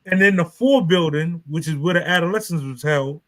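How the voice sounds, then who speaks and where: A man talks casually on a live stream, his voice sitting a little high. He rambles loosely, circling back and restarting his sentences, and uses plenty of street slang. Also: brisk, a bit bright, poor audio. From New York. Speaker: author and live stream host.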